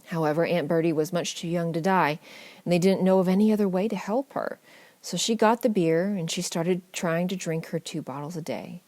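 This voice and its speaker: A woman narrating a family memoir audiobook in a measured, gently wry storytelling manner. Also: fairly low pitch, no room sound.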